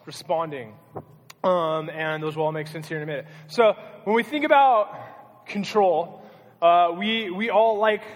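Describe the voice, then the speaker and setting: A young man preaching a casual, joking youth sermon as pastor. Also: high voice. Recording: hall reverb.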